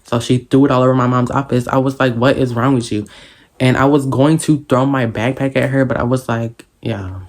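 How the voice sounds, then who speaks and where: A young man spills a storytime about school friendship drama straight to camera. His voice sits at an ordinary middle pitch. He tells it in a sassy, dramatic way, throwing in quick asides. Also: level tone. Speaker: vlogger. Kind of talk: casual storytime.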